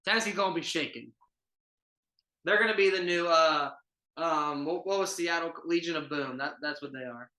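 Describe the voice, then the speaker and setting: A man co-hosting a casual sports podcast, excitable and loose, often trailing off mid-sentence. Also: fairly high pitch, normal speed. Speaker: podcast co-host.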